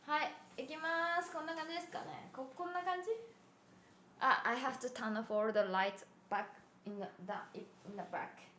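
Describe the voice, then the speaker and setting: A woman's voice: high voice, fast talker, pushed and bright. A woman whose first language is Japanese, chatting playfully on a live stream, giggling and slipping in Japanese phrases. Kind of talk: casual live-stream chat. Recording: echoey room with faint ambient noise.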